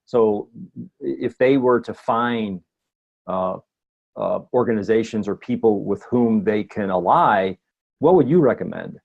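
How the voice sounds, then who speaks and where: A man's voice: lowish voice, a little slow, gravelly, husky. A male host asking long, winding interview questions full of restarts. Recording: dull lo-fi audio.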